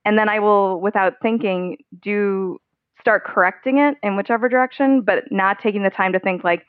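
A woman's voice: mid-range voice, fairly even intonation, normal speed, dry recording. Woman on a tinny phone-like line. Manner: candid, chatty, laughs often, many "like" fillers. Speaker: podcast guest. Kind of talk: conversational interview.

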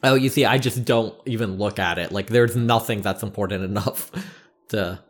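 A man's voice: on the low side, normal speed. A man co-hosting a podcast in casual chat, easygoing as he reads out listener submissions. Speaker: podcast co-host.

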